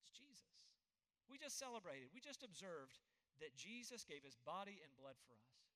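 A man preaching a sermon as pastor, earnest, rising to emphatic points and dropping to hushed tones, in a church hall. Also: fairly high pitch, sing-song, moderate pace.

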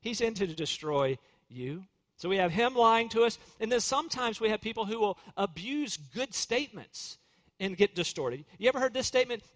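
A man's voice: high voice, lively intonation, a little fast, in a large hall. A man preaching a sermon in an earnest way, quoting scripture and hymn lyrics and acting out inner voices. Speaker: pastor.

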